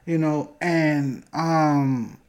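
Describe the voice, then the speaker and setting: A man tells a story in casual chat. He is animated and bursts into loud acted-out quotes. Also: fairly high pitch, drawn-out words, clear, resonant tone. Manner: animated, acts out quoted voices loudly.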